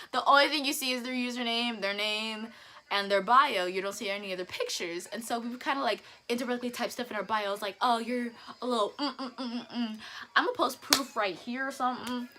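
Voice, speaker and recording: A teenage girl from northern Virginia in the US talks straight into her phone camera for a casual storytime vlog. Animated and chatty, she stumbles through restarts and giggles, her bright voice sitting a bit high.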